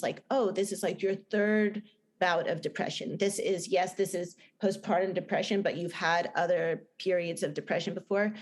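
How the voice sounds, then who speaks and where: A middle-aged woman with a New Jersey accent, a guest in a casual podcast interview, talking earnestly and rambling with many restarts. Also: fairly low pitch. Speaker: guest, film director and writer.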